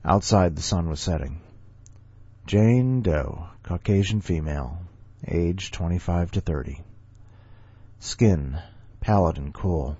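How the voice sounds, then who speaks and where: A man's voice: low voice, animated, slow pace, long pauses, mellow, slightly rough, no echo. A man hosting a story podcast, reading stories aloud and rambling jokingly between them. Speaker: podcast host. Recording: dull lo-fi recording with faint music.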